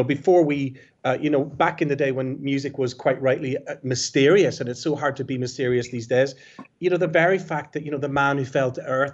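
A man's voice: mid-range voice, a little mellow. Belfast man telling stories down a phone line. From West Belfast, Northern Ireland. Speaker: musician guest on the phone. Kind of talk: storytelling radio phone-in.

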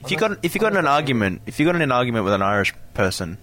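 A young man sits in as a guest and shrugs off the teasing with dry, self-mocking humour. His voice sits at an everyday middle pitch. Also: very animated, racing, a bit bright. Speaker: band member guest.

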